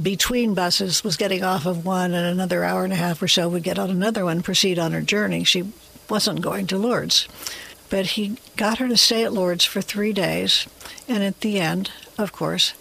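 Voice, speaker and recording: Brief: interview guest author, gravelly fry, lively rambling storyteller. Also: medium pitch, poor audio.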